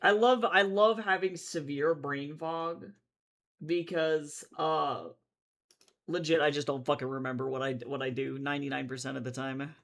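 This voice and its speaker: A man in a casual drawing livestream, his voice sitting a touch high. He rambles through chat, swears freely and swings from loud bursts of excitement to low mumbles. Faint keyboard typing sits in the background. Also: moderate pace. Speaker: streamer drawing comics.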